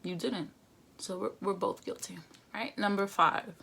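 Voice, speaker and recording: A woman's voice: medium pitch, fairly even intonation, moderate pace, vocal fry, a bit bright, slight background noise. Young woman vlogger, blunt and sassy, casual confessional delivery. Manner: sassy, blunt, conversational with slang. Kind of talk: candid confessional talk to camera.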